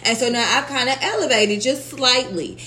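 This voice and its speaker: A woman co-hosting a podcast who tells workplace stories in an animated way, swearing freely. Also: sits high, normal speed, rough recording. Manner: animated, profane storytelling. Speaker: podcast co-host. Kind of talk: casual chat. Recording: faint background noise.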